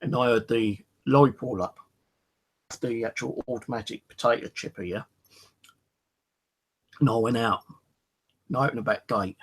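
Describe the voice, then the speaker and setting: A man's voice: mid-range voice, breathy edge. A middle-aged British man telling a personal story in a casual, rambling way, swearing freely and often saying "you know". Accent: British English.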